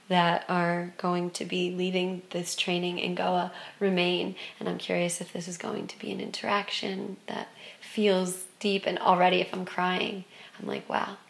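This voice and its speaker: A woman telling a personal spiritual story in an expressive way, moving from excited loudness to hushed softness. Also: lowish voice, moderate pace, gravelly.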